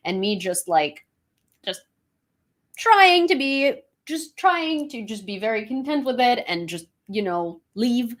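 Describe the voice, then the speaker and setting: A woman's voice: on the high side, lively intonation, slow pace. A woman from Ukraine hosting a casual news commentary, talking in a frank, chatty and opinionated way.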